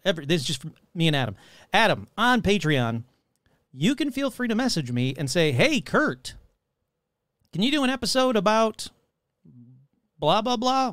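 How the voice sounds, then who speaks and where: A man's voice: sits high, a bit bright, no room sound, clean studio sound. A man hosting a podcast, talking casually and jokily as he rattles off long lists of listener names. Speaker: podcast host.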